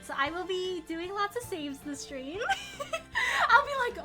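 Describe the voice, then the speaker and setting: A woman's voice: very high-pitched, very animated, slow pace. A young woman streaming a game live, bubbly and giggly, greeting chatters by name. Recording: stream with music behind.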